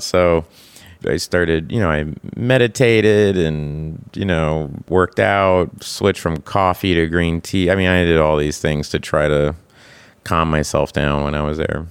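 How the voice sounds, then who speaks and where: A man in his forties, a guest in a casual interview, talking in a halting way with many restarts and laughs. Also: sits low, steady tone, clean tone, no room sound. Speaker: guest, actor and creator.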